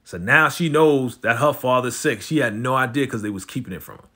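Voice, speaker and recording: A man's voice: mid-range voice, brisk, pushed and bright. A man casually recapping a TV episode in slangy talk, acting out the characters' lines as he goes.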